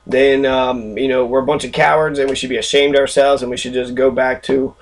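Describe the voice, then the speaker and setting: A man's voice: mid-range voice, little pitch movement, brisk. A man ranting angrily and profanely while he walks through a screen recording, rambling and full of fillers, with a sarcastic, mocking edge. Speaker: channel host. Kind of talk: angry screen-recorded rant.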